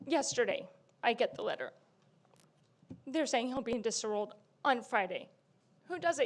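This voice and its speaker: A woman's voice: a little high, expressive, normal speed, long pauses. A middle-aged woman speaking as a parent at public comment, pleading and on the verge of tears.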